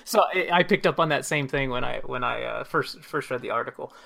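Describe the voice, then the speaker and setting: A man hosting a podcast in casual chat, animated, laughing often and restarting his sentences. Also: medium pitch, fairly quick, vocal fry. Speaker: podcast host.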